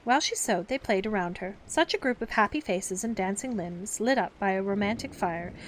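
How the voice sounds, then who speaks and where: A woman reading a children's classic aloud as a gentle bedtime story, taking on the characters' voices. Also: animated, a little fast, slight background noise. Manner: acts the characters with raised pitch for the children's outbursts.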